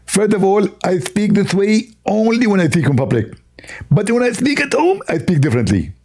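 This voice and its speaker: A man putting on a mocking impression of a prim, self-satisfied male preacher with a squeezed, strained high voice. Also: sing-song, normal speed, darkish tone, full character voice. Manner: mocking impression, fussy over-explaining.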